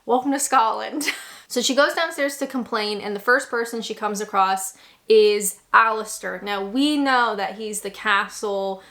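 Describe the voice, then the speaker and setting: A woman's voice: medium pitch, measured pace, fairly bright tone. A young Canadian woman recapping a bad movie in casual commentary, with sarcastic asides and laughs. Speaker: movie reaction host.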